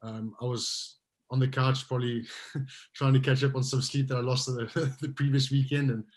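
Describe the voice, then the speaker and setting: A man, a former rugby player telling stories as a guest in a casual interview, relaxed, with many fillers and restarts. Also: medium pitch, moderate pace, rough recording. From South Africa.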